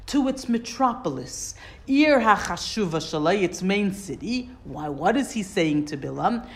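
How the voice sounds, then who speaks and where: A woman teaching a Torah study class. She reads Hebrew phrases, translates them and asks questions as she explains. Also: fairly high pitch.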